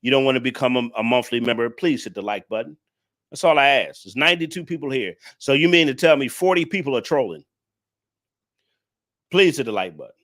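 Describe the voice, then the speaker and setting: A man's voice: mid-range voice, expressive, a little fast, fairly bright tone. A man hosting a livestream, scolding his viewers in a preachy, repetitive rant. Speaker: livestream commentator. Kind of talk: ranting livestream commentary.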